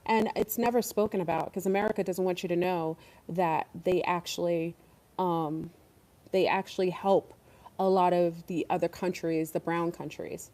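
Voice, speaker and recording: Dark-voiced woman hosting a rambling livestream. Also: lowish voice, fairly even intonation, moderate pace. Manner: rambling, emphatic, many fillers. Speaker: online show host. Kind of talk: casual livestream talk.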